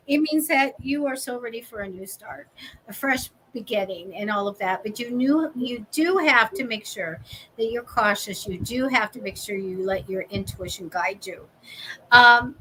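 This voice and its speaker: Bright upbeat woman reading tarot. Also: fairly high pitch, slight background noise, poor audio. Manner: upbeat, playful, quick laughs. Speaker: psychic reader, co-host. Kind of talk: live tarot reading chat.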